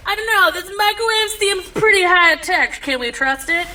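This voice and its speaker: A woman voicing her young mother as a prim, haughty woman who won't bend her schedule, in a lofty, high voice. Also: lively intonation, normal speed, bright, forceful tone, recorded from a distance, a little hiss or hum, heavily acted. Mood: puzzled.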